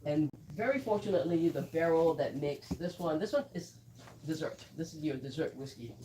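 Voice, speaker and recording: A woman's voice: sits low, moderate pace, warm tone, recorded from a distance, a little hiss or hum, poor audio. A woman who blends whiskey, chatting through a live tasting and telling stories with quoted asides.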